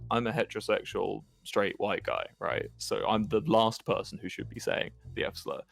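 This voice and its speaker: A young man with a British accent and a gravelly edge to his voice talks casually and candidly. He tells stories with plenty of swearing, and faint music plays behind him. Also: on the low side, animated, moderate pace, fairly bright tone, no room sound. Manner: candid storytelling with frequent swearing. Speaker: podcast co-host. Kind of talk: casual podcast chat.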